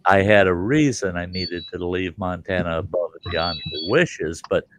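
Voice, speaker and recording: A middle-aged man with a low voice hosts a livestream, speaking at normal speed over background noise. In folksy storytelling chat, he spins rambling, colorful anecdotes and acts out what people said.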